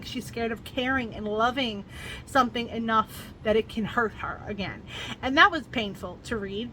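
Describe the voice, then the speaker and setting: A woman's voice: fairly high pitch, sharp tone, slight background noise. A woman talking through a novel's plot in a casual book review vlog, earnest and emotional as she retells it.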